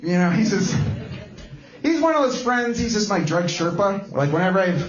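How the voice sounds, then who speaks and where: A man's voice: high voice, sing-song, moderate pace, echoey room, dull audio. A man doing live stand-up comedy with a guitar, telling a story in rambling bursts full of restarts. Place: small comedy club.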